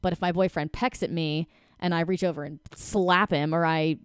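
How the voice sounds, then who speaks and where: A woman in her forties talks through relationship advice in a loose, chatty coaching style. Her voice sits a little low and she often acts out short lines in other voices. The sound is dry and close, with no room around it. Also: clean tone, no room sound. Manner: animated, acts out quick voices with laughs. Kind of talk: casual advice talk.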